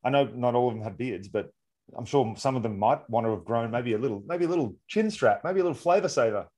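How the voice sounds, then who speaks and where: A man's voice: mid-range voice, fast talker. A man co-hosting a podcast, chatting casually and poking fun at himself. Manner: animated, self-deprecating. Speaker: podcast co-host. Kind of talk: casual sports banter.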